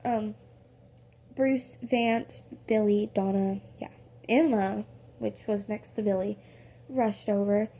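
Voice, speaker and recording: Telling a story she makes up as she goes, a woman rambles casually, leaning on fillers, fixing herself mid-sentence and slipping into soft whispers. Her husky mid-range voice stays steady, moving slowly with long pauses.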